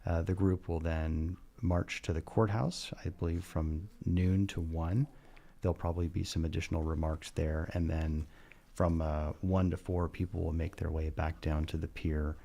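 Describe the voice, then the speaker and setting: A man giving a measured, earnest radio interview as a county coroner, pausing often with "uh". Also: low voice, little pitch movement, gravelly, dark tone. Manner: measured and earnest, with frequent "uh" pauses. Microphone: studio microphone.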